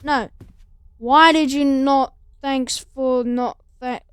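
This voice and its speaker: A woman's voice: high-pitched, fairly even intonation, slow pace, clear, resonant tone. A woman giving casual let's-play commentary, chatting to the game's monsters and counting doors aloud. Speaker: gameplay streamer.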